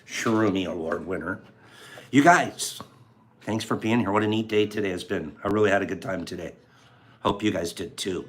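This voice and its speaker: A man's voice: lowish voice, a bit bright. A man hosting a casual livestream, chatting playfully and teasing his viewers. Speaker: livestream host.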